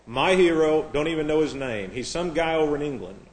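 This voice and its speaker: Male preacher, fairly high voice, mocking sermon delivery, echoey room. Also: expressive, fairly quick. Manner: sarcastic, mocking.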